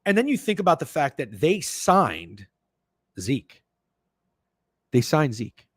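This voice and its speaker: A man's voice: on the high side, big pitch swings, slow, fairly bright tone, no room sound. A man hosting a sports betting show, ranting in casual, profane chat and answering messages from viewers. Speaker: sports betting podcast host.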